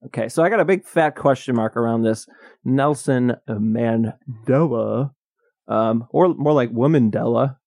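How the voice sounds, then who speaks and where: A man's voice: medium pitch, unhurried, creaky, darkish tone, no echo, studio quality. A young man co-hosting a podcast, rambling and joking in casual chat, laughing often. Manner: rambling, jokey, laughs a lot. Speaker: podcast co-host.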